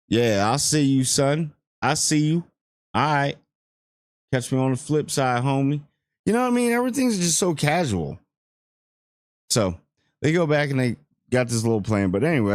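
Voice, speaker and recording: A young man casually reviewing a TV episode, animated and slangy, joking as he retells scenes. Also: medium pitch, dry recording, studio quality. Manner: animated, slangy, jokey storytelling with voiced asides. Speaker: show host reviewing a TV episode.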